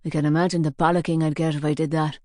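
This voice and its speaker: A woman voicing a menacing male gunman with a hoarse, gravelly voice. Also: low-pitched, flat delivery, rapid-fire, dark tone, no echo, studio quality, natural voice. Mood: regretful.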